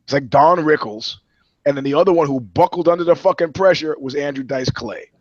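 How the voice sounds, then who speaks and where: A man's voice: on the high side, fairly quick, no echo. Podcast co-host, man, crude comic storyteller, dry and slightly dull mic. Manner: animated, swearing, acts out voices in anecdotes. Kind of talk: profane comedic storytelling.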